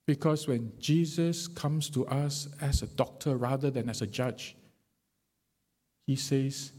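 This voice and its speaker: A man preaching a sermon, swinging between loud emphatic stretches and quiet, low drops. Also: fairly even intonation, takes it slowly, slightly rough.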